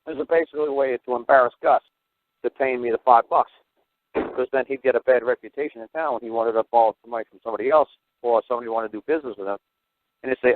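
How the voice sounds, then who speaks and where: A man hosting a call-in show, telling stories at a rapid clip with blunt, salty language. His voice comes through dry and narrow, like a phone line. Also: mid-range voice, steady tone, no room sound. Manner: blunt, profane, rapid storytelling. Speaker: host. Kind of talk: casual storytelling on a call-in show. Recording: tinny phone-line audio.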